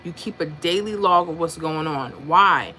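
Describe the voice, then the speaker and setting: Speaking a little slowly in a low, pushed, bright voice, this woman hosts a lottery livestream. She chats, reads out what viewers comment and thinks aloud about number patterns, with a little hiss or hum present.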